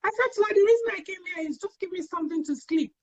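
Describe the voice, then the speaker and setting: On a dull lo-fi recording, a woman speaks as a talk show guest sharing her personal experience. Her very high voice races along as she earnestly recounts her story, repeating phrases to stress them.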